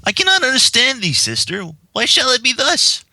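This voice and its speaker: Lofty pony princess voiced by a man, high bright falsetto, old-fashioned formal speech. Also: big pitch swings, normal speed, no room sound, full character voice. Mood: pleading. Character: regal young female pony princess, archaic speech. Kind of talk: live read-aloud of a fan comic.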